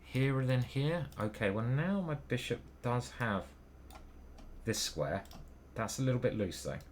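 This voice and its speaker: A man talks through his chess moves as he plays. His voice sits at an ordinary middle pitch, and he mutters moves in short bursts while questioning himself. Faint keyboard clicks come from behind. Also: animated, a little slow, a little hiss or hum. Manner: muttering move by move, hesitant self-questioning. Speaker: chess grandmaster commentating his own games. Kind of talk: thinking aloud while playing online chess.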